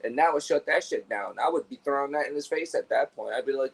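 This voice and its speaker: A man's voice: medium pitch, fast talker, gravelly, hardly any pauses, breathy edge, rough recording. A man talking casually and profanely, rambling through stories about his work as a store clerk. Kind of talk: casual chat.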